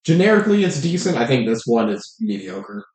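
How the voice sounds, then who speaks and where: A man's voice: on the high side, sing-song, fairly quick, creaky, darkish tone, reverberant. A man co-hosting a podcast, making brief, dry remarks in a casual movie chat. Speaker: podcast co-host.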